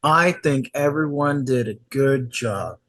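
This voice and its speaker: A man on a casual panel, joking in a dry, deadpan way. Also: mid-range voice, slow pace, no echo. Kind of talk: casual chat.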